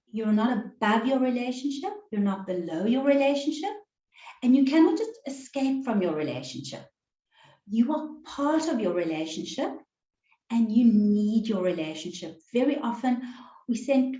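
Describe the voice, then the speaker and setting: A woman relationships coach giving an online workshop presentation in a measured, deliberate way over a video call. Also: on the high side, dark tone. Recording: roomy, slightly dull sound.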